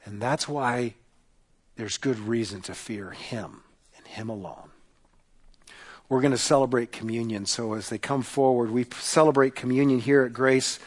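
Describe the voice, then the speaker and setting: Male pastor, sermon delivery, husky tone, dramatic storytelling with hushed emphasis. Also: medium pitch, normal speed. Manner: dramatic retelling, dropping to a hush on key lines.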